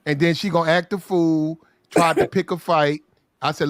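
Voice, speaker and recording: A man telling a crude story in casual podcast talk, loud and animated, swearing and acting out the quotes. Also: a little high, normal speed, smooth, no echo, studio quality.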